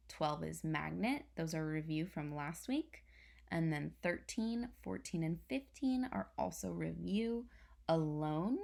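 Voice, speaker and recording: A woman's voice: low voice, vocal fry. A young woman teacher patiently explaining a spelling lesson step by step to her class. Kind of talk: recorded online spelling lesson.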